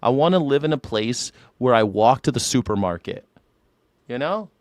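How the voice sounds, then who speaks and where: A man's voice: medium pitch, expressive, normal speed, no room sound, clean studio sound. A man hosting a casual call-in livestream, rambling and profane, boasting about himself in a joking way. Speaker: livestream host taking callers.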